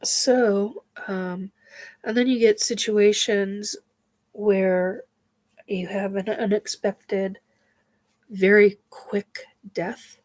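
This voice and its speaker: Woman host chatting slow about spirit stuff, lots of ums and sighs, stuffy nose from crying. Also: mid-range voice, steady tone, darkish tone. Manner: slow, halting, many fillers and sighs. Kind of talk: casual spiritual chat.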